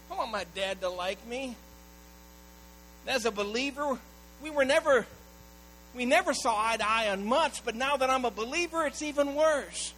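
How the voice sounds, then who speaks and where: Middle-aged male pastor, sermon delivery, very high bright voice, faint hum. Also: rough recording. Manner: swings from hushed storytelling to loud urgent appeals.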